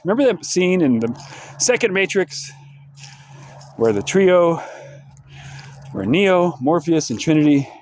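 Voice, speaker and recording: Male vlogger, rambling and sardonic, swears freely, mid-pitched voice. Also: darkish tone, slight background noise. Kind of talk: rambling monologue vlog. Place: outdoors in the sunshine.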